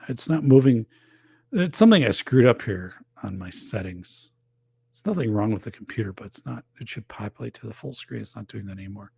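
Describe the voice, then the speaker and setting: Gravelly, husky man rambling on a stream. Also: medium pitch, a little mellow, no echo. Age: 40s or older. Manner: rambling, loose, lots of fillers. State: losing his voice. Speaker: podcast host. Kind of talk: casual livestream chat. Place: home office.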